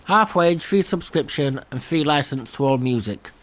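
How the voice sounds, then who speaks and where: A man's voice: on the high side, animated, normal speed, a bit bright. A man hosting a gameplay video, rambling and self-deprecating and laughing often. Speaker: gaming channel host. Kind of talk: casual gameplay commentary.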